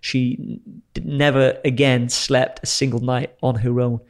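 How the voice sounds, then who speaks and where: In an unhurried, flat, mid-range voice, a young man who's an explorer shares his adventures as a guest. His storytelling is casual and animated, full of free swearing and acted-out quotes from the people involved.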